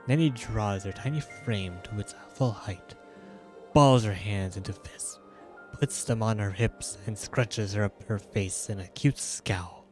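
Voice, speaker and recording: A man's voice: fairly low pitch, a little slow, a little mellow, soft background music. A man streaming a video game, reading its narration aloud in a casual way, with joking asides.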